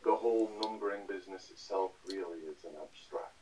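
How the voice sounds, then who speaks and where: Deep-voiced man in a distant clip. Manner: halting and tentative. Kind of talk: recorded lecture clip. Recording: distant mic with faint background noise and clicks.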